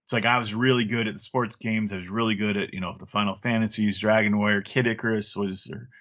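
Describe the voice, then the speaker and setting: A man's voice: fairly low pitch, fairly even intonation, fast, fairly bright tone. A middle-aged man talking casually as an interview guest, rambling with frequent restarts and fillers. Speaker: guest, former game play counselor.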